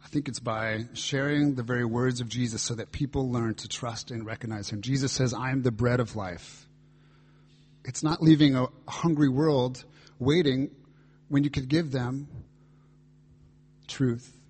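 A man's voice: mid-range voice, steady tone, measured pace, darkish tone, husky. A man pastor preaching a reflective, earnest sermon, reading and voicing scripture dialogue as he explains it.

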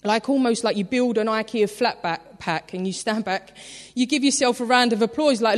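Woman, preacher, chatty animated sermon, echoing church hall. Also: a little high, moderate pace. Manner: chatty, animated storytelling with frequent "like".

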